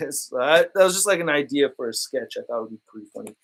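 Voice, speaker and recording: A man's voice: medium pitch, expressive, brisk, a bit bright. A man hosting a casual live stream about toy collecting, rambling and joking, often laughing and repeating himself.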